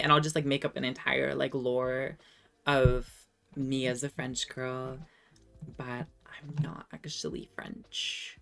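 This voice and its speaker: A young adult woman streamer chatting casually with viewers, self-deprecating and halting when she tries French. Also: extremely low pitch, level tone, gravelly, fairly bright tone. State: slightly under the weather.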